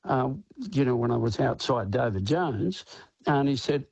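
A man's voice: mid-range voice, expressive, moderate pace, vocal fry, a little mellow, slightly rough, no room sound, low-quality recording. An older man, a guest musician in a radio interview, telling stories in a rambling way with lots of "you know" and acted-out quotes. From Australia.

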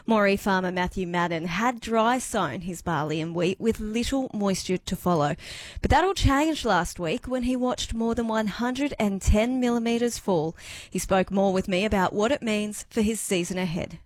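A woman with an Australian accent presenting rural radio news in a clear, steady, scripted delivery on a studio microphone. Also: medium pitch, moderate pace.

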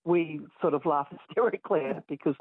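A woman phones in to a radio show and chats a little shyly. Her voice is husky and comes through a narrow, tinny phone line. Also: sits low, fast, no echo. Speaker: caller. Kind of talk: phone-in chat.

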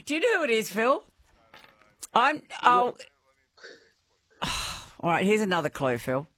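A woman's voice: fairly high pitch, sing-song, unhurried, a bit bright, no echo. A woman hosting a radio quiz, chatting casually and laughing often with callers.

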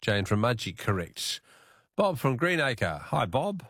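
A man with an Australian accent hosting a talkback radio quiz, chatty and quick to laugh with callers. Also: mid-range voice, sing-song, a bit bright, no room sound, clean studio sound.

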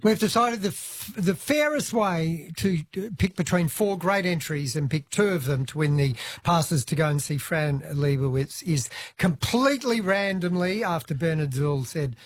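A man's voice: a little high, expressive, moderate pace, hardly any pauses, no echo. A man hosting a radio program, chatting casually and teasing his guest with playful questions. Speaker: radio host.

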